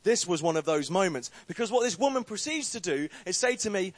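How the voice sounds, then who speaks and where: A young Englishman gives a relaxed, chatty talk to a church group and tells a funny story about himself. His voice sits fairly high, and the sound is dry and close, with little room echo. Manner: chatty, self-deprecating, quick asides.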